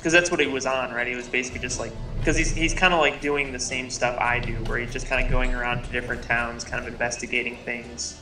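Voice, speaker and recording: A man's voice: medium pitch, flat delivery, fast, few pauses, music in the background. A man playing a tabletop game who speaks casually in a rambling, hesitant way. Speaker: player. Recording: roomy, distant mic.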